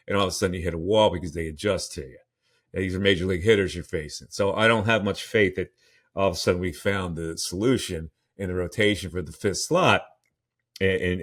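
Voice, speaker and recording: Opinionated low-voiced sports talk host. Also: male voice, a bit bright. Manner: opinionated, rambling, frequent restarts. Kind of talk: solo sports talk podcast.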